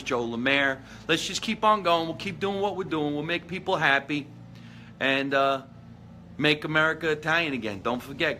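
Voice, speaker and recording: A man's voice: mid-range voice, pushed and bright, slight background noise. A man in his forties, a comedian hosting his own live show, rambling and joking in a casual monologue. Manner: rambling, jokey, with lots of fillers and restarts.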